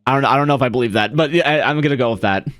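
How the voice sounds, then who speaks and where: A man's voice: medium pitch, rapid-fire, a bit bright, faint music behind. A man chatting casually on a live stream, rambling and correcting himself, often apologizing and laughing.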